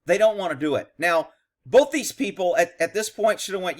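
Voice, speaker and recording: A man's voice: high-pitched, sing-song, brisk. A man, a former police officer, giving blunt, profane, indignant commentary on a video. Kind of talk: reaction commentary.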